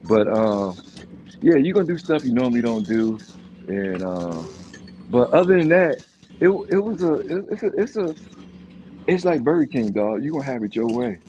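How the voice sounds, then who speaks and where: A man hosting a casual livestream chat. He is animated, repeats himself and dodges questions. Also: mid-range voice, normal speed, muffled recording, slight background noise. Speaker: livestream host.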